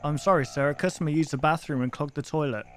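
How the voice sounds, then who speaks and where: A man voicing a polite male video-store shopkeeper in a game, reading the lines in a lowered, courteous voice. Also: quick pace, fairly bright tone, slight background noise, natural voice. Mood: politely apologetic.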